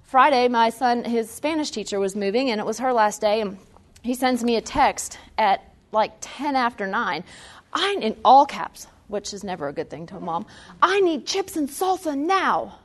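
A middle-aged mother teaching a parenting class in a lively way, acting out quotes and laughing often. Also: mid-range voice, moderate pace.

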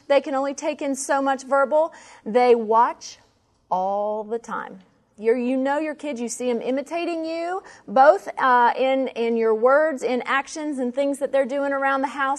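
A woman instructor explaining parenting ideas to a class, steady and explanatory, with frequent ums. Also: high voice.

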